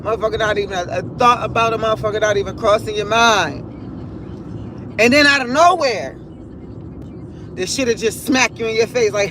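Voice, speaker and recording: Speaking at a normal speed with long pauses, this livestream host has a fairly bright voice on the high side, and there's slight background noise. She rambles and curses through a candid, emotionally open monologue about how she feels.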